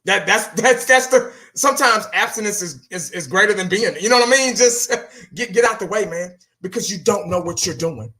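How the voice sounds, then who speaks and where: Guy ranting on his own channel, high voice, cussing, real blunt, bright sound. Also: lively intonation, moderate pace. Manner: blunt, profane, talks straight to viewers. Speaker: fan channel host. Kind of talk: casual solo rant.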